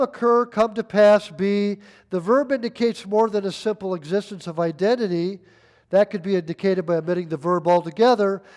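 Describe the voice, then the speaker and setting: A man's voice: high voice, darkish tone. A man preaching a sermon, emphatic and folksy, reading scripture aloud. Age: 60s. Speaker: pastor.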